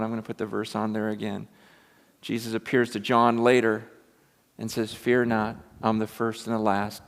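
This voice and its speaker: A man preaching a sermon in a lively, animated way, acting out quotes and building to loud, excited peaks. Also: fairly low pitch. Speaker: pastor. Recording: long reverb of a large hall.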